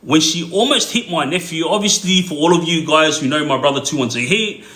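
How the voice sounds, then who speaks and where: A man's voice: a little high, brisk, bright, forceful tone, echoey room. A man telling a story casually, rambling with many fillers and laughing as he goes. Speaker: storyteller, clips page host.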